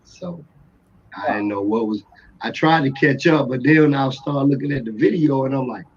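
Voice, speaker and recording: A man's voice: medium pitch, normal speed, husky, muffled recording. A man calling into a show, chatting casually and telling stories animatedly with plenty of laughter. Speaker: guest on a call. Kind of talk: casual chat.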